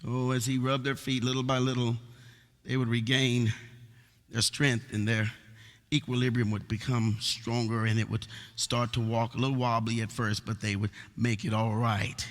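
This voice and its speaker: A male pastor preaching a sermon, repeating words as he builds, and rising into rhythmic sung shouts. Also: medium pitch, flat delivery, normal speed. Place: church sanctuary. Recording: long reverb of a large church hall.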